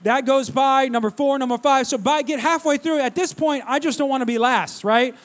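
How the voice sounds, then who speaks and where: Young guy pastor with a really high voice, chatty storytelling sermon, talks right at the crowd. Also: a little fast. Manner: storytelling, self-deprecating, addresses congregation directly. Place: church.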